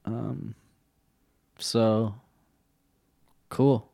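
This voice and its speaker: A man's voice: fairly low pitch, fairly even intonation, very slow, vocal fry, warm tone, dry recording, clean studio sound. A man hosting a comedy podcast, bantering playfully and laughing often. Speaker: podcast co-host.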